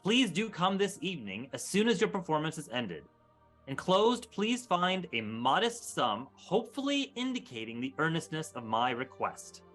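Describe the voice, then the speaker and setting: A man putting on an accent to voice a pompous, wealthy gentleman reading his formal letter aloud. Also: on the high side, sing-song, moderate pace, soft background music. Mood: grandiose. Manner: formal, florid, put-on accent.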